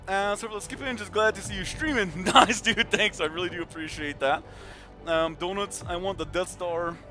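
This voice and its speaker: A man's voice: high-pitched, bright, forceful tone. A man streaming a game live, chatting casually, reading viewer comments aloud and laughing often as he calls people dude.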